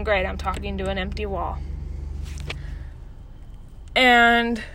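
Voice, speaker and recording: A woman's voice: medium pitch, bright, forceful tone, slight background noise. A woman vlogger venting with emphasis and exasperation, rambling through a casual story to the camera.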